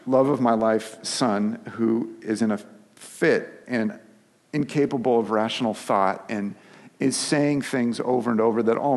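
A man's voice: mid-range voice, long reverb tail. A man preaching a sermon as pastor, telling stories conversationally with restarts and filler words.

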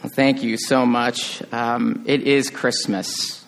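A man preaching a conversational sermon as pastor, joking with the congregation and dropping to a hush on solemn phrases. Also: mid-range voice, flat delivery, takes it slowly, creaky. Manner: conversational, jokey, with restarts and sudden quiet hushed drops.

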